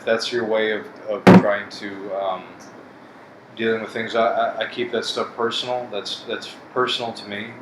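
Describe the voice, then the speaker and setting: A man talking to his channel in a blunt, profane, bitter rant about betrayal and hopelessness. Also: lowish voice. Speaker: vlogger. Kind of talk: casual monologue to camera. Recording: echoey room with air conditioning hum.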